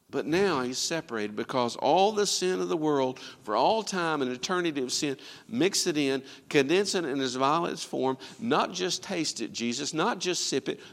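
Gravelly preacher in an echoing hall. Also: male voice, fairly high pitch. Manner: dramatic swings from loud to hushed, quoting scripture. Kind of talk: sermon.

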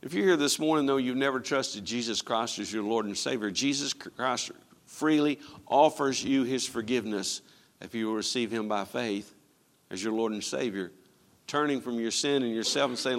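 A man's voice: mid-range voice, moderate pace. A man preaching a sermon emphatically, calling out to his congregation for responses. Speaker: pastor.

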